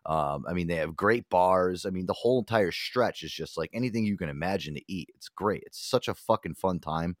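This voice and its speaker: A young man hosting a casual chat show, animated and swearing freely, often acting out other people's voices. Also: sits low, a little fast, hardly any pauses, dry recording, clean studio sound. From Connecticut. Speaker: host.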